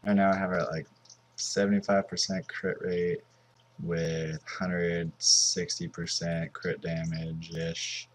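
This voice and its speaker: A man's voice: low-pitched, flat delivery, slow. A man in his twenties from Southern California, giving casual, rambling commentary over a mobile game. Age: 20s. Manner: rambling and offhand.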